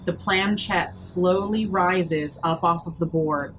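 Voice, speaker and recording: Slow, low-voiced woman game master. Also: a bit bright, a little hiss or hum, poor audio. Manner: measured, vivid scene description. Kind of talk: narrating a horror tabletop game.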